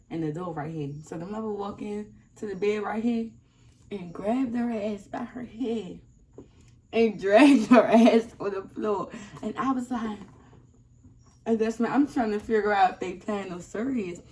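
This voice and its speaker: A young woman vlogger telling a casual storytime, animated and acting out the people in it. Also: mid-range voice, a little slow. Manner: animated, acts out quoted people. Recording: slightly distant mic, faint noise.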